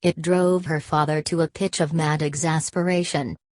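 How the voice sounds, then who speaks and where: A woman narrating a classic novel as an audiobook, in a measured, steady reading. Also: low voice, no echo.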